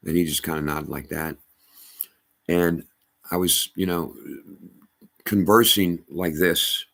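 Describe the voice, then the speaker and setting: Low-voiced middle-aged guy, halting emphatic testimony, lots of restarts. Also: steady tone, a bit bright. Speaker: storyteller addressing a rabbi. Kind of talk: personal testimony monologue.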